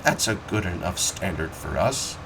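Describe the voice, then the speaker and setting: A man reading aloud, voicing a calm, smooth-talking railroad agent who placates farmers. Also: low-pitched, moderate pace, recorded from a distance, background noise.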